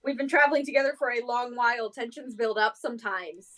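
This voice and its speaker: A woman playing in a tabletop game, chatty and quick to laugh. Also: fairly high pitch, a bit bright, poor audio. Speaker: player. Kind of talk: casual tabletop play.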